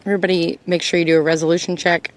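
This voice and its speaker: A woman's voice: fairly low pitch, level tone, racing. An American woman hosting an outdoor livestream, chatting with viewers and greeting them by name, often laughing. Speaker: livestream host. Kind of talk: live outdoor chat with viewers. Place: outdoors by a roadside.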